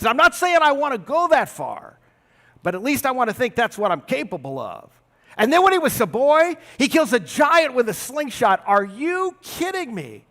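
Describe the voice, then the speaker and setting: A man preaching a sermon as pastor, telling stories with big swings between loud and soft. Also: very high-pitched, moderate pace. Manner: animated storytelling with big swings of loudness. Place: large church hall. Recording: long reverb of a church hall.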